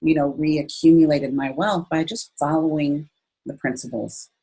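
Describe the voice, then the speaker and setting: A woman in her fifties, a guest in an interview, telling her story in an expressive way and jumping up high when she quotes herself. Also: normal speed, husky, poor audio. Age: 50s. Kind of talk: conversational storytelling.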